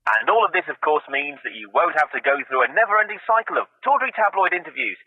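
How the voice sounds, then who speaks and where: An English man delivering deadpan sketch comedy lines as a polite caller. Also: on the high side, fast, no room sound, phone-quality sound. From England.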